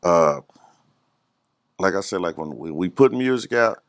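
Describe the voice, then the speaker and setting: A deep, gravelly middle-aged man tells his story as an interview guest. He speaks earnestly and replays his own prayers aloud, his voice close and dry with no room sound. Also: lively intonation, a little slow, no room sound. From Dallas, Texas. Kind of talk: testimony in a podcast interview.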